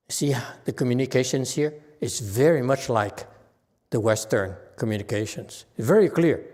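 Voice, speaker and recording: A man's voice: medium pitch, expressive, normal speed, a little mellow. A man as a Buddhist meditation master giving a conversational dharma lecture, checking in with his listeners often.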